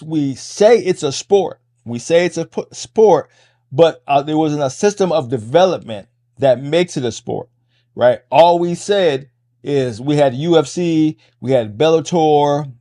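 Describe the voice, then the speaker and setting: A middle-aged man with a fairly high, mellow voice talks quickly through a casual podcast monologue. He often restarts his phrases and keeps checking in with a quick "right?". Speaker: podcast host and MMA coach.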